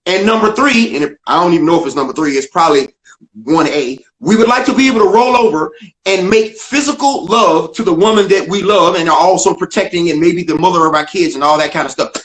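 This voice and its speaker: He talks fast, his tone fairly bright: an older stand-up comedian animatedly telling a story during a video interview where he's the guest. Expect emphatic delivery, voiced dialogue, and wide pitch movement, with the room echoing around him.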